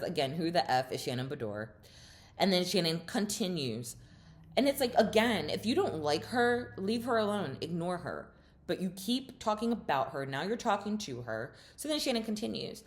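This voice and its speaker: A woman's voice: sits low, animated, unhurried. A woman hosting a casual reality TV recap, chatty and opinionated, with lots of fillers and sassy asides.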